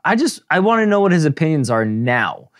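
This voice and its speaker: A man's voice: on the high side, sing-song, fairly quick. A man hosting a podcast, chatting casually with crude, playful jokes. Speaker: podcast host. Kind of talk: casual chat.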